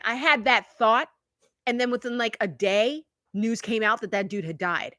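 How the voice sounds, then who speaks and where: Her voice is a little high, bright and forceful at a moderate pace, captured dry and at studio quality. This woman in her fifties hosts a YouTube live-stream, chatting casually, confiding stories and laughing a lot.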